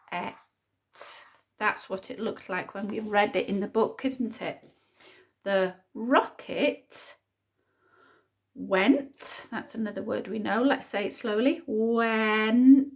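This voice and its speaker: A woman teacher, thinking aloud and sounding out words slowly in a phonics lesson for young children. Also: medium pitch, creaky. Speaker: primary school teacher.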